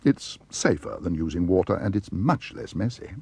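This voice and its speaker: A man's voice: low-pitched, expressive, normal speed, creaky. A man voicing a small, polite young male bear who talks in an earnest, solemn way in a cartoon.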